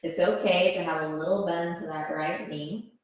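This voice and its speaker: A woman leads a yoga class, talking listeners through breathing and stretches in slow, soothing cues broken by pauses. Her voice sits fairly low. It rings through a strongly echoing room. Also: fairly even intonation. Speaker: yoga instructor. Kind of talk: guided yoga class instruction. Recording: very echoey room.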